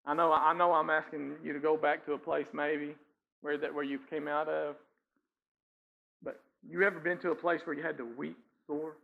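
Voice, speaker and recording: A man preaches in a church, in a conversational style, checking in with "right?" and chuckling between points. His voice sits a little high for a man. The recording sounds dull and lo-fi. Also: little pitch movement, normal speed, vocal fry. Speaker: pastor. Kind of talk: sermon. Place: church sanctuary.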